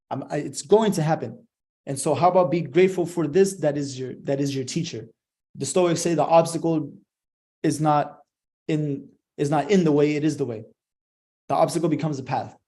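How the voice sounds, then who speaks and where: A man's voice: fairly high pitch, dark tone. A young man giving a profane, emphatic motivational monologue, swearing constantly.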